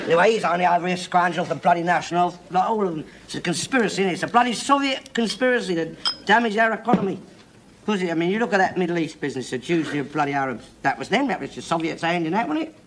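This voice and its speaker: A ranting old bigot. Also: male voice, high voice. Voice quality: loud, hectoring, swears constantly. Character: blustering bigoted old working-class man, ranting. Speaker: sitcom character. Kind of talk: 1970s sitcom acting. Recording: studio audience laughter and hiss.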